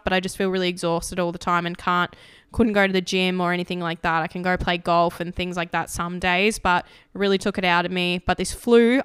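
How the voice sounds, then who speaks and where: Candid woman podcaster, slightly croaky. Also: lowish voice, a bit bright, dry recording, clean studio sound. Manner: chatty and candid, swears freely. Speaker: podcast host. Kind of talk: casual chat.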